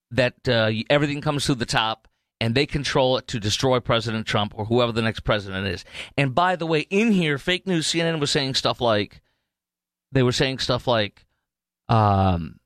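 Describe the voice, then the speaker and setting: A man's voice: medium pitch, a bit bright, no room sound. A man hosting a political talk radio show, rambling animatedly with many fillers and restarts.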